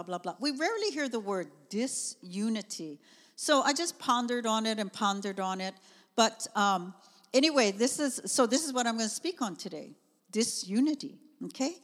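A middle-aged woman, preaching a sermon in a conversational, animated way with chatty asides. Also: medium pitch. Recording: long reverb of a church hall.

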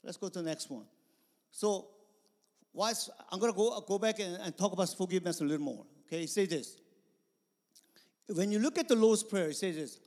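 A man preaching a sermon as pastor, animated, with sudden loud bursts. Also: high-pitched, brisk, pauses often, long reverb tail.

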